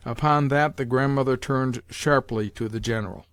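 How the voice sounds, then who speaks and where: A man narrating a classic novel as an audiobook in a measured, formal reading. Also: mid-range voice, fairly bright tone, no echo, studio quality. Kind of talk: scripted literary narration.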